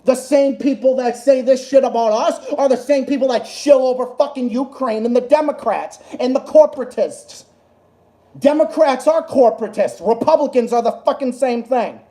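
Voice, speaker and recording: A man's voice: very high voice, moderate pace, dark tone, echoey room. A man hosting a livestream, in a furious, profane political rant that keeps repeating itself. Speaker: livestream host.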